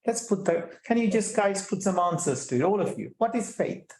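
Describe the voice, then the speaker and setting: A middle-aged man speaking as a guest, animated, often restarting and repeating words and putting rhetorical questions to the audience. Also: sits high, fairly quick. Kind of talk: conversational talk at an online chapter event. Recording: echoey room sound.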